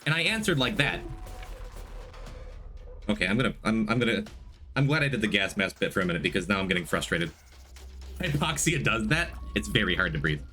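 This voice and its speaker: A male streamer chats casually and rambles through his stories. His pitch swings widely as he greets his viewers by name. Faint music plays in the background. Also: sing-song, brisk, long pauses, sharp tone. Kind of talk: casual chat on a game stream.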